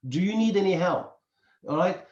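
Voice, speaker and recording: Podcast host, non-native English speaker, halting earnest delivery, high voice, echoey dull recording. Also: male voice, a little mellow. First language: not English. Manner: earnest, halting with repeated words. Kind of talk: casual chat. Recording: echoey, dull room sound.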